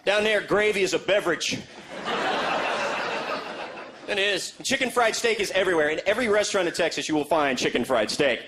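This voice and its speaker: High-voiced male stand-up comedian. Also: very noisy. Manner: deadpan quips, quick jokes. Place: comedy stage before a live audience. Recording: live show with audience laughter.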